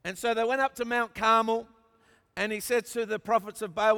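An Australian man preaching a sermon, joking with the crowd and rising to emphatic shouts. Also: high voice, flat delivery, normal speed, clear, resonant tone. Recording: long reverb of a large hall.

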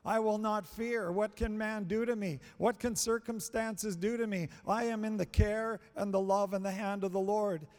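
A male preacher delivering a sermon, slow and emphatic, repeating phrases for stress. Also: high voice, steady tone. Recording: long hall reverb.

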